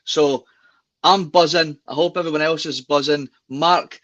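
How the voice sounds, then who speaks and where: A man's voice: on the high side, steady tone, normal speed, fairly bright tone, muffled recording. A Scottish man hosting a casual football podcast, chatty and upbeat, often restarting his words. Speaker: podcast host.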